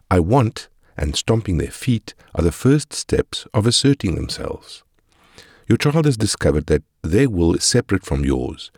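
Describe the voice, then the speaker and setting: A man with an extremely deep voice reads a parenting guide aloud in measured, instructive short phrases. The recording is dry and close, with no room sound. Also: darkish tone, dry recording. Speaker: audiobook narrator. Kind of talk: scripted narration of a parenting guide.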